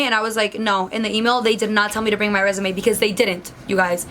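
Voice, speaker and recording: A woman's voice: medium pitch, fairly even intonation, fast, few pauses, fairly bright tone, slight background noise. Chatty young woman telling a storytime. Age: young adult. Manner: chatty, many likes, acts out quotes. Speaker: vlogger. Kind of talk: storytime vlog.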